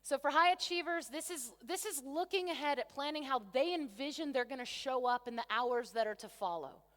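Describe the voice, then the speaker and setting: High pitched lady coach hyping up a conference crowd, big echoey convention hall. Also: a little fast, a bit bright. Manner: enthusiastic, talks to the crowd, rhetorical questions. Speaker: motivational coach. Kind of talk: energetic conference keynote. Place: large convention centre hall. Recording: long reverb of a big hall.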